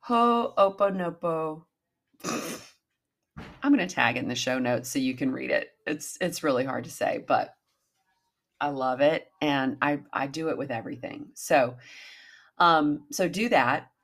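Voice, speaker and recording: A woman in her fifties hosting a podcast, talking candidly and chattily about self-help, with casual swearing. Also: sits low. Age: 50s. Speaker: podcast host.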